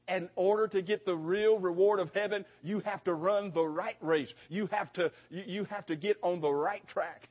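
Man, preacher, husky voice, higher pitch, emphatic sermon, repeats phrases, dull lo-fi recording. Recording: dull lo-fi sound.

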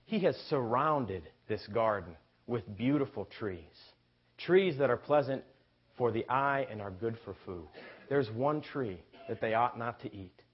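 A male preacher delivers a sermon at an unhurried, deliberate pace, pressing his points and putting rhetorical questions to the congregation. His voice sits at an ordinary middle pitch. The recording is dull and lo-fi. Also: lively intonation, slightly rough. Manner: slow, emphatic, asks the congregation rhetorical questions.

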